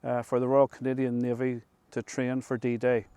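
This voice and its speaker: A middle-aged man with a Northern Irish accent telling a story to camera in an unhurried, chatty way, often restarting his phrases. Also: medium pitch, completely flat delivery, warm tone, clear, resonant tone, no room sound. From Northern Ireland. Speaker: vlogger. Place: rooftop of an old control tower, outdoors.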